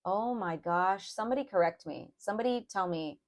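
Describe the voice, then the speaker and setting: A young woman giving a casual tarot reading to camera, chatty and loose, often calling viewers "you guys" and filling pauses with "um" and "like". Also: medium pitch, expressive. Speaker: tarot reader.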